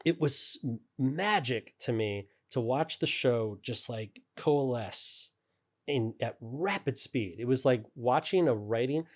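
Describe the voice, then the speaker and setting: A man's voice: mid-range voice, lively intonation, takes it slowly. A man telling stories in a casual interview, rambling and laughing often. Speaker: character animator guest.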